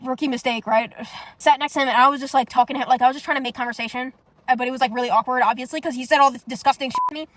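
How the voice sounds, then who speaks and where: A young woman talks fast and blunt, swearing freely as she tells her story. Her voice sits fairly high and the sound is dry and close. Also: no room sound. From United States. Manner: blunt, profane, animated storytelling. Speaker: vlogger. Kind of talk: casual storytime monologue.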